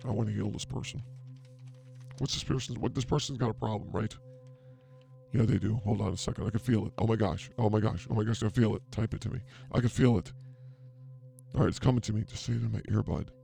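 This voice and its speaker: A man's voice: on the low side, fast talker, gravelly, mellow, faint music behind. A man playing a brash self-declared psychic healer in an improvised comedy bit, talking in a theatrical, blustering way. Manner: over-the-top, theatrical, blustering.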